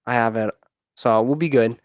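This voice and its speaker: A man's voice: mid-range voice, moderate pace, smooth, no echo, clean studio sound. A man hosting a casual livestream chat, rambling with many restarts and fillers. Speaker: livestream host.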